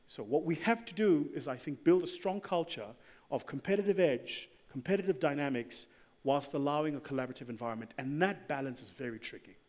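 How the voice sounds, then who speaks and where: A man speaking on a panel, emphatic and opinionated, his loudness rising and falling as he argues. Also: a little high, brisk. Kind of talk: animated panel talk. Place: large event hall. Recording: long hall reverb.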